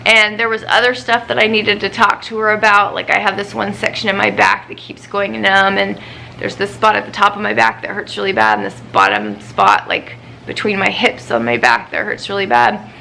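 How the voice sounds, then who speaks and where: A woman's voice: medium pitch, normal speed, vocal fry, sharp tone, slight background noise, low-quality recording. A woman vlogger chatting casually, venting her frustration over a doctor's appointment after a week of crying. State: upset, recently crying. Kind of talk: casual chat.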